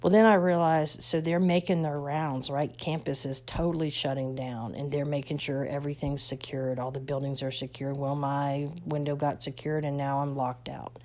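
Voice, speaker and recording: Woman, low voice, warm tone, halting heartfelt storytelling, restarts, soft whispered moments. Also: flat delivery. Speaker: vlogger telling her life story. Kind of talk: emotional personal storytelling.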